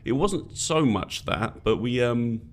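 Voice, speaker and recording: A man's voice: mid-range voice, expressive, takes it slowly. A man co-hosting a podcast, telling a rambling story in casual chat with many restarts. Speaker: podcast co-host.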